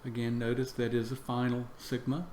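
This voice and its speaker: A man teaching Greek vocabulary in a slow lesson. He repeats each word for drill and fills pauses with "uh". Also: medium pitch, completely flat delivery, darkish tone. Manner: slow, repeats words for drill, many "uh" fillers. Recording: echoey room with faint background noise.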